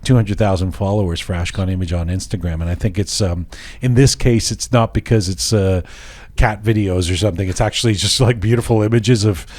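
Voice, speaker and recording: A man's voice: low voice, brisk, few pauses, darkish tone, dry recording. A middle-aged man, hosting a podcast and bantering playfully with his team in the studio. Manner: teasing, playful. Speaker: podcast host.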